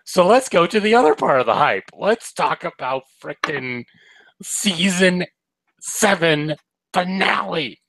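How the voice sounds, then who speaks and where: A man's voice: sits high, big pitch swings, measured pace, gravelly, fairly bright tone, no room sound, low-quality recording. A young man co-hosting a fan show, telling stories casually and dropping into silly voices for jokes. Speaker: podcast co-host.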